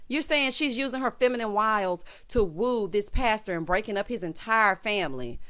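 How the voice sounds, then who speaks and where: Sassy Southern woman, Texas-raised, lively pitch swings, reality-TV recap vlogger. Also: moderate pace, few pauses. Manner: sassy, animated, peppered with 'honey'.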